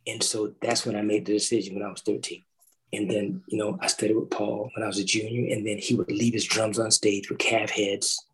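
A middle-aged man, a former orchestral timpanist, telling an animated story in a roundtable talk, acting out quotes and singing drum parts. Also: lowish voice, fairly quick, rough recording. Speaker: orchestral timpanist recalling his start.

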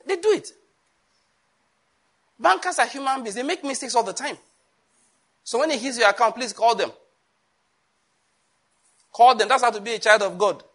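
A man with a Nigerian accent preaching a sermon, animated, acting out voices and laughing often. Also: extremely high pitch, normal speed, pauses often. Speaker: pastor.

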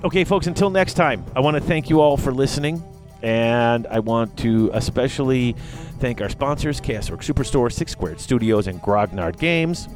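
With music playing in the background, a man hosting a podcast chats casually at a moderate pace, barely pausing. His medium-pitched voice is animated as he rambles and keeps correcting himself.

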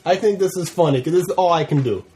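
A man voicing a deadpan character with a put-on Russian accent and broken English, bantering on a comedy podcast. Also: fairly high pitch, fast talker, close to an everyday voice. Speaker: podcast co-host.

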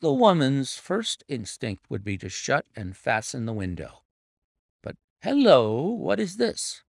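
A sharp, composed detective, voiced by a man reading aloud, laying out his reasoning in a measured, authoritative voice with lively pitch and a gravelly edge. Dry, close recording. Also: dry recording, full character voice. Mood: assured. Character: sharp, composed male detective, middle-aged.

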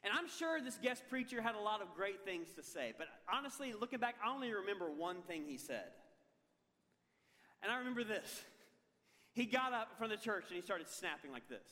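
A man preaching a sermon as pastor, telling an animated, self-deprecating story with humor. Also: high voice, fairly quick. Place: large church hall. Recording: long hall reverb.

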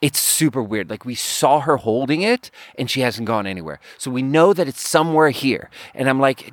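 A man hosting a podcast, telling a funny travel story in a rambling, animated way and laughing at his own punchlines. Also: medium pitch, moderate pace, few pauses, no echo. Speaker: podcast host. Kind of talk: casual storytelling.

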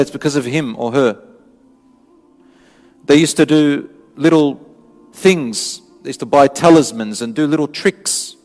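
A man delivering an earnest, emphatic Islamic sermon, repeating phrases for stress. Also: a little high. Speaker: Islamic preacher. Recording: long hall reverb, faint music.

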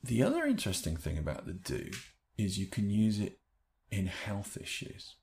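A man giving an explanatory talk on handling stress, thoughtful, with lively rises in pitch and the odd restarted word. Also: normal speed, gravelly. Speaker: speaker explaining a stress technique.

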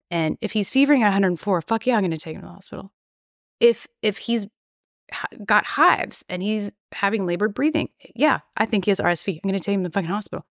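As a podcast guest, a young woman relays a story in relaxed conversation, swearing openly, sounding indignant and blunt, and performing the voices of the people she quotes. Her pitch is medium, and the studio-quality recording has no echo.

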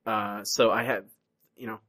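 A man's voice: on the low side, level tone, measured pace, fairly bright tone. A young adult man hosting a podcast in casual chat, laughing often. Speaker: podcast host.

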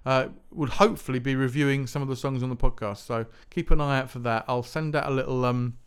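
A man's voice: medium pitch, steady tone, fast, clean tone. Rambling man hosting a podcast. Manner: rambling, chatty, self-mocking with frequent restarts. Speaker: music podcast host. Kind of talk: casual solo podcast chat.

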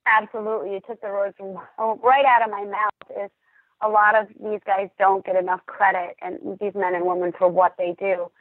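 A woman who works as an emergency dispatcher, speaking on a podcast in a calm, earnest, measured way. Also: medium pitch, no echo. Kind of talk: podcast talk, personal account. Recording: tinny phone-like line.

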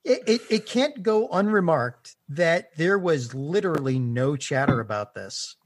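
A man with a husky, breathy voice speaks slowly in casual podcast chat. His pitch jumps around, and he stumbles over and repeats his words. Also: expressive. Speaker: podcast co-host.

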